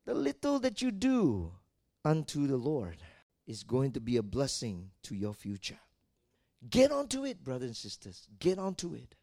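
A male pastor preaching a sermon, telling personal stories and building from quiet talk to loud, repeated exhortations. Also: medium pitch, wildly swooping pitch, normal speed, vocal fry, dry recording, clean studio sound. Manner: tells personal stories and addresses the congregation directly.

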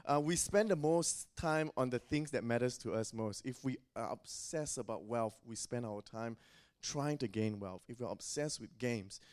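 A man's voice: mid-range voice, normal speed, darkish tone. A man preaching a sermon in a loose, conversational way, often saying "you know.".

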